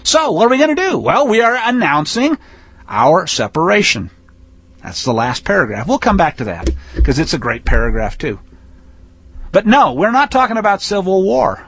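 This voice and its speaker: A man preaching a teaching sermon in a folksy, emphatic way, rising to forceful declarations. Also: high voice, big pitch swings, moderate pace, breathy edge, no room sound.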